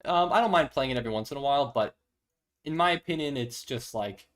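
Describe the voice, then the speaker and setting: A man's voice: medium pitch, animated, quick pace, a bit bright. A young man streaming chess, chatting casually, self-deprecating and thinking aloud. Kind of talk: casual live-stream chat.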